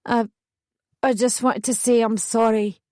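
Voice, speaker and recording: A woman voicing an angry, defensive middle-aged mother in an audiobook, shouting and spitting scorn. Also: on the high side, flat delivery, a little slow, no echo, studio quality, close to an everyday voice. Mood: apologetic. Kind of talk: audiobook narration.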